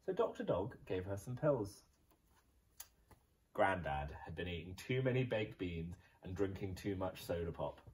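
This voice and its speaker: A male primary school teacher from England, reading a children's picture book aloud in an expressive storytelling voice. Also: deep voice, measured pace, far from the mic, poor audio.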